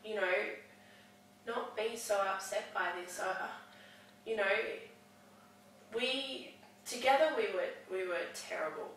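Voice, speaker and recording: A woman speaks in a halting, hesitant way, restarting her sentences again and again as a counselling client. Her voice is bright with a gravelly edge. She sits well back from the mic in a very echoey room with a faint hiss behind her. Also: mid-range voice, distant mic. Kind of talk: counselling session conversation.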